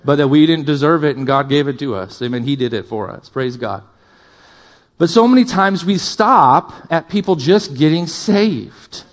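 A man's voice: expressive, moderate pace. Impassioned male pastor preaching a sermon. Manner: impassioned, swings from loud emphatic build-ups to low asides; jokes with the congregation.

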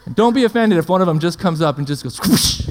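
High-voiced preacher in an echoing hall. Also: male voice, expressive, racing, noisy background. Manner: rhetorical questions, checks in with listeners. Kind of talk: sermon. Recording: long hall reverb.

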